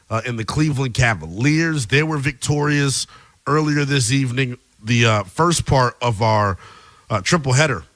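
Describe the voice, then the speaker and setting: A man's voice: medium pitch, a bit bright, no room sound. A man hosting a late-night sports radio show, talking loosely and conversationally, with slang. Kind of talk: casual sports talk show. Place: radio studio.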